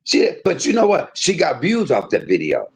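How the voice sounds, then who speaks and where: Husky man ranting on a livestream. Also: huge pitch swings, moderate pace. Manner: aggrieved, swings between loud outbursts and low muttering; swears freely, talks straight to viewers. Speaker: livestream host. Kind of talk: emotional livestream rant.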